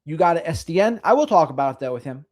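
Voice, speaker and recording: Middle-aged guy doing a chatty livestream, sing-songy, voice a bit on the high side. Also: fast. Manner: sing-songy, lively delivery. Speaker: livestream host. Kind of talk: casual livestream chat reading comments.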